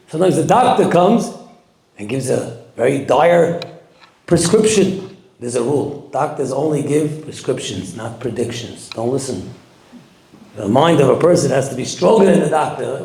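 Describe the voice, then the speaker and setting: A man giving a sermon as a rabbi, telling the story with lively acted-out quotes and Hebrew terms. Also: mid-range voice, normal speed. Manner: animated storytelling, acting out quoted voices; sprinkles Hebrew and Yiddish terms. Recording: echoey room.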